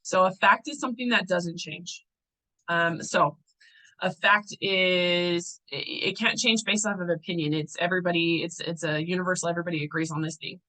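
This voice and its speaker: A woman's voice: on the low side, moderate pace, pushed and bright, poor audio. A young adult woman coaching a group in a casual teaching talk. She sounds chatty and loose, with fillers and restarts.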